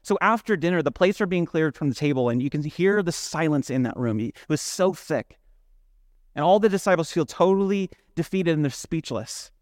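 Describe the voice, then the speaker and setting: A man's voice: a little high, lively intonation, normal speed, dry recording, studio quality. A male pastor preaching in a conversational way, full of rhetorical questions. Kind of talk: sermon.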